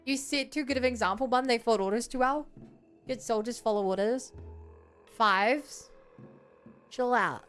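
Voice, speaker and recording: A woman's voice: a little high, moderate pace, long pauses, soft background music. A woman streamer giving casual, playful commentary while she plays, joking with chat and laughing often.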